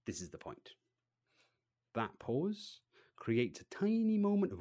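A man giving an interview about his training work, lively, acting out little voices and swinging between loud and quiet. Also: on the high side, takes it slowly, dry recording, studio quality. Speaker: presentation trainer, guest. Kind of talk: animated podcast interview.

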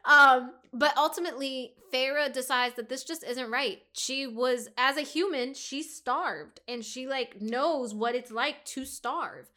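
Bright, animated woman in casual chat. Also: sits high, unhurried, few pauses. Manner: animated, swearing, acts out characters' lines in quotes. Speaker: podcast co-host discussing a book.

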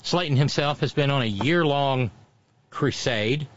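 A man's voice: medium pitch, unhurried, lo-fi sound. A man hosting casual political commentary, sardonic and mocking, with frequent asides.

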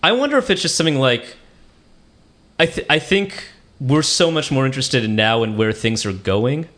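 A man's voice: mid-range voice, lively intonation, normal speed, a bit bright. Musing man in a casual film chat. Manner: questioning, musing, joking.

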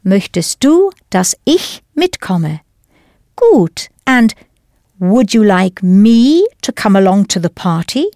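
A woman leading a scripted audio language lesson, explaining patiently and deliberately into a close studio mic. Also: medium pitch, big pitch swings, dark tone, no echo. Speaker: language teacher.

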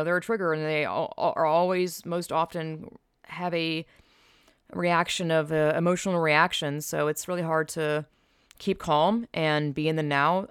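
A woman's voice: low-pitched, clear, resonant tone, no room sound, clean studio sound. Frank, sweary woman in a casual monologue. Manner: frank, sweary, sarcastic, trails off mid-sentence.

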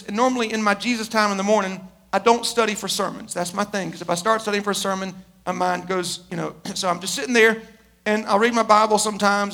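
A middle-aged man preaching a sermon as pastor, swinging between loud pleading and quiet intensity. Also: high voice.

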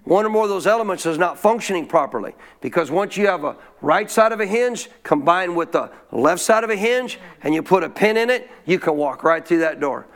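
A man preaching from the pulpit in a fairly high voice. He reads scripture and keeps stopping to quiz the congregation, pressing them to answer out loud. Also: lively intonation, brisk, hardly any pauses. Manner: call-and-response preaching, asks congregation questions. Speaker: pastor. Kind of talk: sermon. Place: church.

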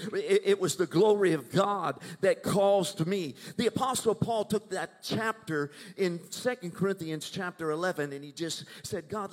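An older man preaching to a congregation, moving between hushed asides and loud proclaiming, and asking the crowd if they follow. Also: a little high. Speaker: minister. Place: church sanctuary. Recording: long church hall reverb.

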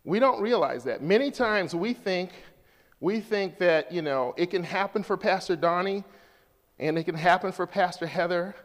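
High-voiced preaching man, echoey hall. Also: expressive, moderate pace. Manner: swings from hushed to loud and high, calls out to the congregation. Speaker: pastor. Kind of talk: sermon.

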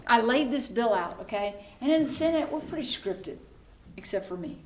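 Animated woman telling a story. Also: on the high side, normal speed, background noise. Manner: storytelling with quoted voices and rising emphasis. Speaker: state senator. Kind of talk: animated political speech. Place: meeting room with an audience.

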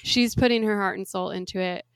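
A woman's voice: mid-range voice, fairly even intonation, brisk, clear, resonant tone, no room sound, studio quality. A young woman co-hosting a podcast, chatting casually with lots of "like" fillers. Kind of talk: casual chat.

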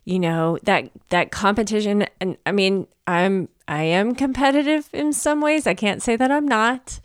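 A woman's voice: mid-range voice, moderate pace, clean tone, no echo, studio quality. A woman co-hosting a casual podcast who rambles, using lots of "like" and "you know". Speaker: podcast co-host.

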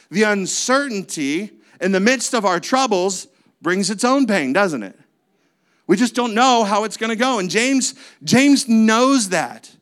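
A man's voice: high voice, fairly bright tone. A man preaching a sermon as a pastor, with a conversational manner, lots of rhetorical questions and playful asides.

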